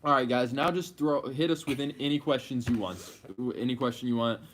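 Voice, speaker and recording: A man co-hosting a casual live Q&A, playfully reluctant, with quick asides. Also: mid-range voice, a little hiss or hum. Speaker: co-host of a couple's live Q&A. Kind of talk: casual live-stream chat.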